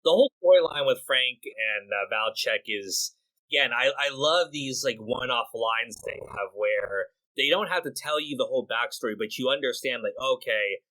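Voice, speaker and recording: A man's voice: medium pitch, animated, normal speed, sharp tone, rough recording. A man hosting a podcast, talking in casual chat, thoughtful and often restarting his phrases. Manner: thoughtful, frequent restarts and repeated words. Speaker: podcast host.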